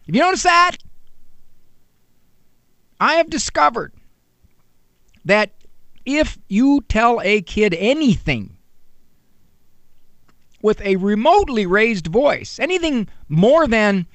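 A man's voice: extremely high pitch, big pitch swings, takes it slowly, long pauses, a bit bright, no echo. A middle-aged man hosting a radio talk show, chatting with a teasing tone and acting out the quotes he tells. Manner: conversational, teasing, acts out quotes. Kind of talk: animated radio monologue.

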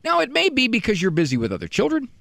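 A man's voice: very high-pitched, wildly swooping pitch, quick pace, gravelly, fairly bright tone, no echo, clean studio sound. A man hosting a radio show, delivering a comedic monologue with exasperated, pleading storytelling.

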